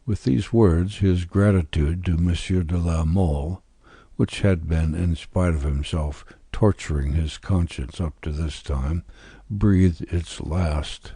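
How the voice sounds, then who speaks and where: A male audiobook narrator reads a classic novel in a deep, dark voice with a slightly husky grain. His delivery is slow, measured and deliberate, recorded dry and close. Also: no room sound.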